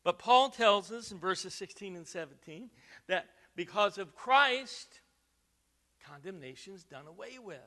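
Male preacher, high, very bright tone, emphatic sermon delivery. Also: animated, unhurried. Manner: emphatic, rising to loud stresses, repeats words.

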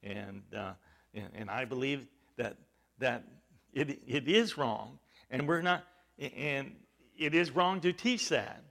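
A man preaching a sermon, halting with fillers at times and then rising to loud, stressed points. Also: mid-range voice, gravelly.

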